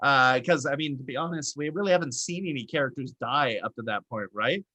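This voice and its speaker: Bright-toned man recapping quickly. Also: medium pitch, dry recording. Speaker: co-host. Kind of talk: casual chat.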